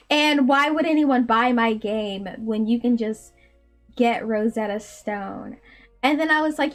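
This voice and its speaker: A woman game developer telling a story on her stream, animated and exasperated, laughing often and peppering her speech with "like". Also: high voice, takes it slowly, soft background music. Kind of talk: casual storytelling.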